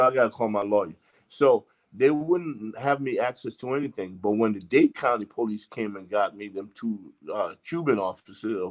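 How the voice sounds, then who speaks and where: Profane, animated male storyteller. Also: lowish voice. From Jamaica. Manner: profane, emphatic, acts out quoted exchanges. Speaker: interview guest. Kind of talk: casual storytelling.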